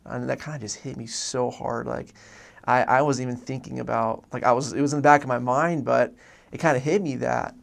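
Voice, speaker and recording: A man's voice: medium pitch, fairly even intonation, a little fast, gravelly. A young man from Oregon telling his personal faith story in a casual, earnest way, rambling with many restarts and fillers. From Oregon, USA. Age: young adult.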